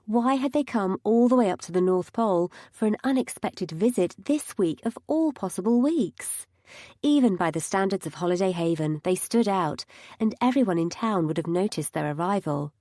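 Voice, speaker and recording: A woman's voice: medium pitch, expressive, moderate pace, warm tone, no echo. Wry woman narrating an audiobook. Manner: wry, dry-humoured storytelling. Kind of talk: first-person audiobook narration.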